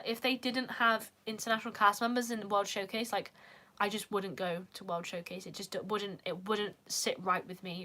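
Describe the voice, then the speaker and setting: A woman's voice: on the high side, pushed and bright. A young British woman chatting casually as a vlogger, talking in a rambling way and saying "like" a lot. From United Kingdom. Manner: chatty, peppered with "like". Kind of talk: casual chat.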